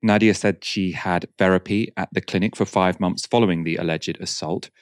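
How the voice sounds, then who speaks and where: A male documentary narrator with a very low, deep voice, reading his script in a measured, grave way. The studio voice-over is bone-dry, with no room sound around it. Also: fairly even intonation, dry recording.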